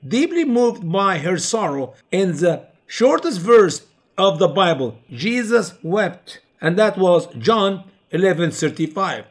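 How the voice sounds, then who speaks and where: A man's voice: sits high, sing-song, slow. A man preaching a Bible teaching to his listeners, whom he calls his dear friends. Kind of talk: sermon-style Bible teaching.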